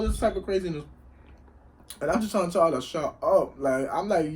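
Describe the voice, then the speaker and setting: A young man telling a story casually while eating, slangy and rambling, getting loud when he acts out what people said. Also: a little high, fast, poor audio. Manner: animated, acts out quoted lines loudly. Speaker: vlogger.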